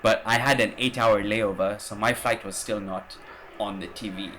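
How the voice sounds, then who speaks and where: Guy host rambling thru a story, lots of ums, swears a bit, lowish voice, faint hiss. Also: fairly even intonation, moderate pace, bright, forceful tone. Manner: rambling, profane, with lots of fillers. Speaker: podcast host. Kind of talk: casual storytelling chat.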